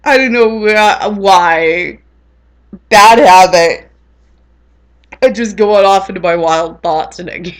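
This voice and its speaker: A woman's voice: medium pitch, slow pace, pauses often. A woman rambling in casual chat on her vlog, laughing often. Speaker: vlogger.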